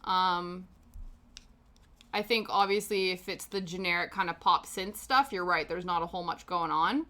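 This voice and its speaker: A woman's voice: lowish voice, normal speed, pushed and bright. A woman hosting a live stream, chatting casually with her viewers while she knits, rambling and laughing often. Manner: chatty and rambling, answering chat with frequent laughs.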